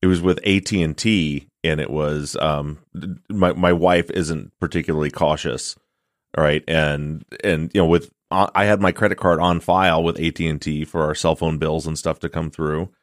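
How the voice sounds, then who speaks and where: A man co-hosting a podcast, telling a story in casual chat, swearing freely and acting out his own shouting. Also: very deep voice, steady tone, normal speed, no echo, clean studio sound. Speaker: podcast co-host.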